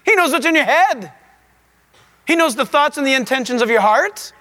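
A man's voice: very high-pitched, moderate pace. A male pastor giving a conversational sermon, telling stories and asking the listeners questions. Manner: animated storytelling, asks the listeners questions.

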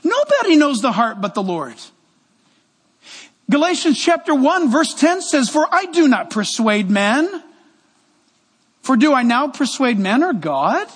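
Male pastor mid-sermon, animated and exhorting, high and expressive, in a reverberant church. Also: measured pace, pauses often, breathy edge. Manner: animated, exhorting, acts out quoted voices.

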